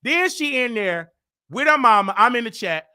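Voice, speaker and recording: A man hosting his own show, telling gossip in a casual, animated way, emphatic and full of repeated words. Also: very high-pitched, moderate pace, clean tone. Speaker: host.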